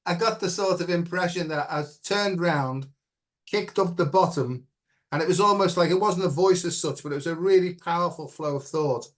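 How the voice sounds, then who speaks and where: Middle-aged male guest, earnest and reflective, voice sitting a bit high, keeps asking "right?". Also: normal speed. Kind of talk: personal story in an interview.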